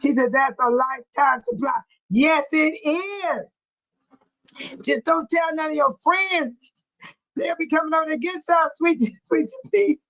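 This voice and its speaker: A woman's voice: high-pitched, moderate pace, a bit bright, rough recording. An older woman, hosting a casual livestream, laughing often and teasing viewers by name as she reads the chat. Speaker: livestream host reading chat.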